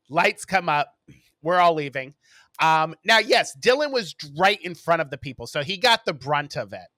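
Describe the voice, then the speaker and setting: Male co-host, bright tone, chatty and wry, dry close-miked sound. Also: fairly high pitch, dry recording. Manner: chatty, frank, wry, swears for emphasis. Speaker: podcast co-host. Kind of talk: casual storytelling chat.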